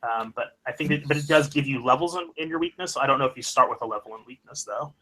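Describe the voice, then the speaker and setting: A young man running a tabletop game, talking casually and pausing often with fillers and restarts. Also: medium pitch, sharp tone. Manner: halting, many fillers and restarts. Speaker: game master.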